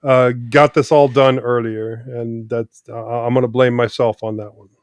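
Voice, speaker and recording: A mid-pitched man hosting a laid-back podcast who teases the others and drifts through "um"s. His voice is close and dry, with no room sound. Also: level tone, moderate pace, clear, resonant tone, no echo. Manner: teasing jokes, loose with fillers. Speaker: podcast host. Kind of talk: casual chat.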